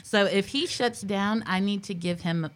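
A middle-aged woman hosting a casual podcast chat, telling stories in an animated way and laughing often. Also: mid-range voice, unhurried. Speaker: podcast host.

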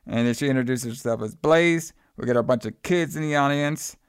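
A man's voice: mid-range voice, brisk, clean tone, no room sound, studio quality. A man co-hosting a podcast, recapping a movie in a laid-back, rambling way and laughing often. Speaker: podcast co-host. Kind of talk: casual chat.

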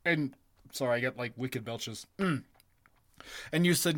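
A man's voice: on the high side, moderate pace, fairly bright tone. A man co-hosting a podcast, joking around and swearing emphatically. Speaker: podcast co-host. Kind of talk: casual podcast chat.

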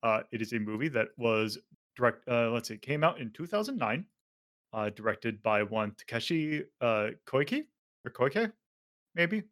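A man's voice: mid-range voice, animated, moderate pace, fairly bright tone. A man hosting a casual podcast, rambling with lots of fillers and self-corrections. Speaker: podcast host.

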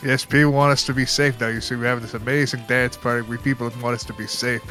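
A man's voice: mid-range voice, flat delivery, fast talker, bright, forceful tone, faint music behind. A man co-hosting a casual wrestling podcast, talking in an earnest, hype-man way. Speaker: podcast co-host.

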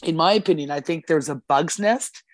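A woman's voice: sits low, normal speed, dry recording. A woman guest on a casual podcast, telling a story with lots of swearing and acted-out quotes. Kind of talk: casual chat. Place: podcast studio.

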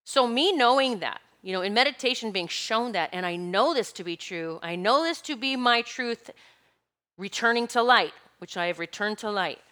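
Bright-voiced woman giving a rambling spiritual talk. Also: a little high, lively intonation, moderate pace. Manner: rambling, searching for words, laughs between thoughts. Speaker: spiritual speaker.

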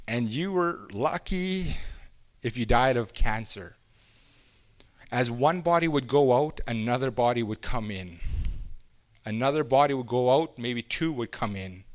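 A preacher from Canada giving a personal testimony sermon, speaking earnestly and haltingly, often restarting his sentences. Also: medium pitch.

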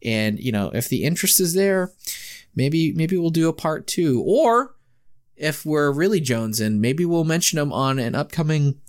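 An excitable man co-hosting a podcast, his pitch swinging widely as he rambles through asides. He laughs and swears easily in loose, casual chat. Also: normal speed. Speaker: podcast co-host.

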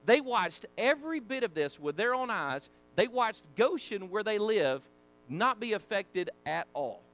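A Southern American man leads a Sunday school Bible lesson in a casual, folksy way. His voice sits high and swings widely as he acts out the people in the story. He drops in chatty asides to the class. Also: big pitch swings, measured pace, a bit bright.

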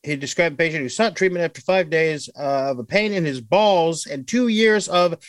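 Guy with a pretty high voice hosting a podcast, reading news and cracking crude jokes, dead dry sound. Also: moderate pace, dry recording. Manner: crude, joking, reads articles aloud with asides. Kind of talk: casual podcast chat.

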